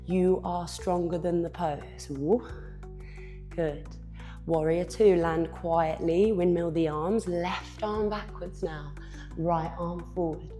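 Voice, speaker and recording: A woman instructor guiding a yoga class with calm, encouraging cues while she moves, a bit out of breath, sometimes dropping to a whisper. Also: lowish voice, takes it slowly, soft background music.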